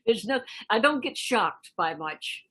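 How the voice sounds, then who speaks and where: A woman's voice: a little high, lively intonation, measured pace, bright, forceful tone, poor audio. An older woman from Massachusetts, a musician guest on a podcast, speaking reflectively and trailing off with fillers. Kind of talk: casual interview chat.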